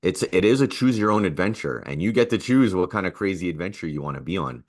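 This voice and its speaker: A podcast guest with a low voice tells personal stories in an earnest, casual manner. He speaks as if he's chatting with a friend across the table. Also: expressive, fast. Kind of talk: casual conversation.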